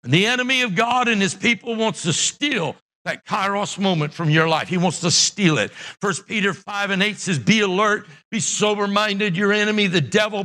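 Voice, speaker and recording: A man preaching with a high, bright, ringing voice. He delivers an impassioned church sermon, swinging into shouts at the peaks and acting out the voices of the people in his Bible stories, recorded in a church sanctuary. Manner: acts out Bible characters' voices. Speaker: pastor.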